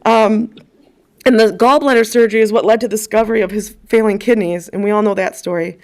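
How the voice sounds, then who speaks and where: A woman's voice: medium pitch, fairly even intonation, fast talker. A woman in her forties giving a eulogy, telling personal stories in a chatty way with frequent ums. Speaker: eulogist at a funeral.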